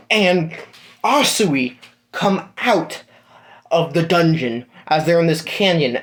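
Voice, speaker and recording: Rambling young man telling a story. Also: fairly high pitch. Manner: rambling, full of fillers and swearing. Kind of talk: casual improvised fan-fiction storytelling.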